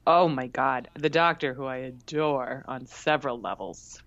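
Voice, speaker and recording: A woman's voice: extremely low pitch, a little slow, vocal fry, no room sound. A woman co-hosting a podcast, telling a story in a candid, self-mocking, chatty way. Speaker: podcast co-host. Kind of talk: casual chat. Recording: dry, slightly dull recording.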